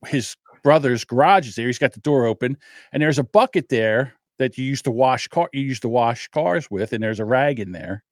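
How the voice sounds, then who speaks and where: Animated, lively-voiced man telling stories. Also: medium pitch, moderate pace, no room sound, clean studio sound. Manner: animated storyteller, acts out quotes loudly. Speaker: podcast host. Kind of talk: casual chat.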